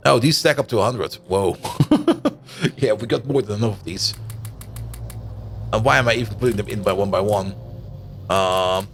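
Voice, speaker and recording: Lively Dutch-German-accented man streaming. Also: medium pitch, slight background noise. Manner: thinks aloud while playing, chatty, laughs easily. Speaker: game streamer. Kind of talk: casual let's-play commentary.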